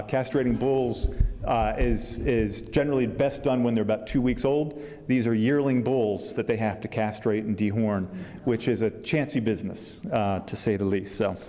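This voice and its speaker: A man's voice: lowish voice, mellow. Man reading aloud in a reverberant hall. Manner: unhurried reading with fillers and restarts between passages. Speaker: author reading from his novel. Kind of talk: public reading at a book fair symposium. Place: symposium hall.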